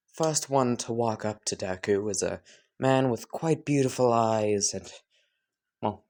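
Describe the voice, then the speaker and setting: Slow, rambling male storyteller. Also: medium pitch. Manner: casual, laughing, rambling. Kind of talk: improvised fan story narration.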